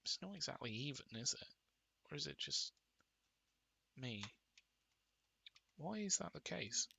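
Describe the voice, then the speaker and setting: A man's voice: medium pitch, big pitch swings, measured pace, creaky, sharp tone, husky, no echo. A man giving casual commentary while playing a game, muttering to himself and getting mildly exasperated. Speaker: gaming video creator.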